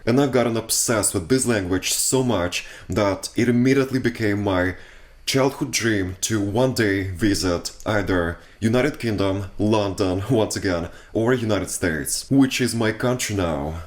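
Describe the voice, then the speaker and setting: A man's voice: lowish voice, measured pace. A young man from Russia with a Russian accent, telling childhood stories in a chatty, self-mocking way and laughing often. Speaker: vlogger. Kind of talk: casual storytelling.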